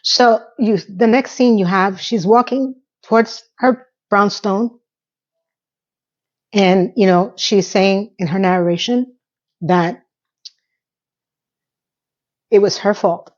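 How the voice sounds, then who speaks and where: A woman's voice: mid-range voice, slow pace, pauses often, dull audio. A woman hosting a casual episode recap, chatty and emotional, holding back tears as she retells scenes at home. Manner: chatty, with fillers and self-interruptions. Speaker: recap podcast host.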